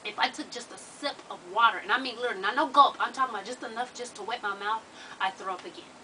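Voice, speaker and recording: Woman vlogging, swears a lot, bright high voice, bit off the mic with faint room noise. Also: fast, distant mic, low-quality recording. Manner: profane, animated, laughs while telling. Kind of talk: casual storytelling to viewers.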